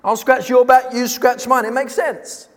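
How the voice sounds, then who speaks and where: A man preaching a sermon, emphatic, posing rhetorical questions and slowing down on key words. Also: very high voice, level tone. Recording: long reverb of a large hall.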